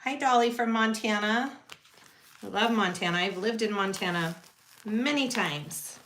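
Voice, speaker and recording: Bright, chatty woman hosting a sewing stream. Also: medium pitch, a little slow. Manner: chatty, upbeat, greets viewers. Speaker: sewing livestream host. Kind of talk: casual live sewing tutorial.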